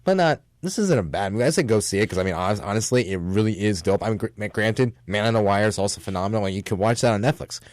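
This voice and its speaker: A man's voice: fairly low pitch, animated, fast talker, hardly any pauses, darkish tone, no room sound. A man co-hosting a radio film review show, rambling with lots of fillers and casual slang.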